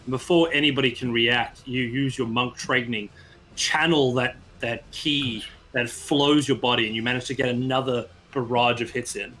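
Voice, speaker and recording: A man's voice: mid-range voice, steady tone, normal speed, a bit bright. A man narrating scenes and calling for rolls as game master, encouraging the players. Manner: descriptive, encouraging, with fillers.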